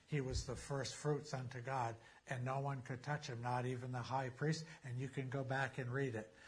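A man preaching a sermon as a pastor, emphatic, slowing down to read scripture aloud. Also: mid-range voice, slightly rough.

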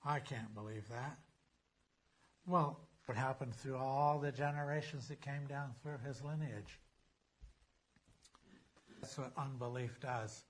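Husky-voiced man preaching a sermon. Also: medium pitch, fairly even intonation. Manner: emphatic preaching, slows down to read scripture aloud. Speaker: pastor.

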